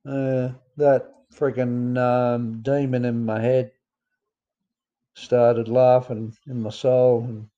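A man's voice: medium pitch, little pitch movement, takes it slowly, warm tone, muffled recording. A man with an Australian accent reading his own memoir aloud in a plain storytelling way, with some fillers and restarts. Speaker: memoir narrator.

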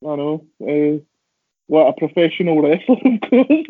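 Give me a young Scottish man with a husky voice chatting loosely, recorded dry and lo-fi. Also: on the high side, animated, dry recording. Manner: rambling, self-deprecating, quick asides. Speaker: professional wrestler. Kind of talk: casual podcast chat. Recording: dry, phone-like lo-fi audio.

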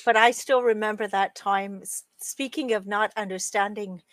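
A woman co-hosting a casual chat, talking in a relaxed, friendly way with small laughs. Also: mid-range voice, normal speed, no echo.

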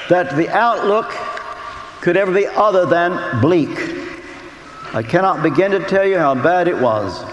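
Brief: male preacher, earnest storyteller, high lively voice, roomy tent echo. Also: a little hiss or hum. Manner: storytelling, earnest, dramatic pauses. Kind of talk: sermon. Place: big top tent.

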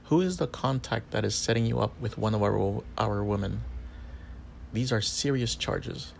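A man's voice: fairly low pitch, moderate pace, vocal fry, slight background noise. A man reading as a stern customs officer. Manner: curt, officious questioning. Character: stern male customs officer, cold and formal.

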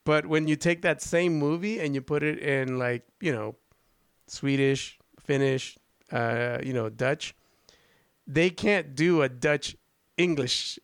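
A man's voice: on the high side, slow, smooth, no room sound, clean studio sound. A man hosting a podcast, telling a rambling story with restarts and frequent laughter. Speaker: podcast host. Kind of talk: casual chat.

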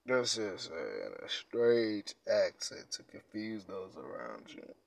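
A man hosting a casual podcast, reading quiz questions aloud and reacting in profane slang, dropping to mumbles and then bursting out loud. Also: on the low side, very animated, takes it slowly, vocal fry, dry recording. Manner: laid-back, profane slang, swings from mumbling to loud outbursts. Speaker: podcast host.

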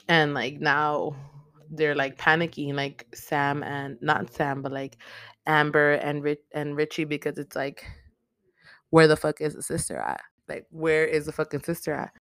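Woman host with a low voice, loose and profane in a casual film recap, recorded dry and close. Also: little pitch movement, moderate pace, smooth, no room sound. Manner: profane, rambling, laughing. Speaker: podcast host.

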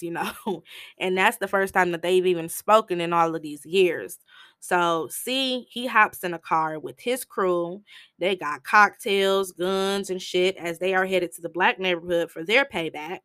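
Animated woman retelling a movie, dry sound. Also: lowish voice, a little slow, dry recording. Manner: animated, slangy, acts out quoted lines; blunt and profane. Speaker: film recap vlogger. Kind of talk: casual movie recap storytelling.

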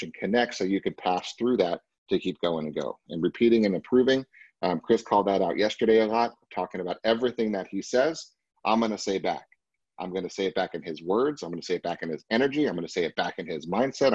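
Man, sales trainer, deep voice, dull muffled recording, casual coaching. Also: darkish tone, husky, no room sound. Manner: emphatic, conversational, keeps checking in with the group. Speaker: real estate sales trainer. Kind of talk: live sales training session.

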